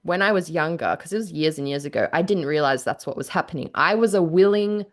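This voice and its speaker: A woman's voice: low-pitched, lively intonation, fast. A woman chatting candidly on a podcast, telling a personal story with lots of "like" and acting out what people said. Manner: candid storytelling, heavy on "like", acts out quotes. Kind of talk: casual chat.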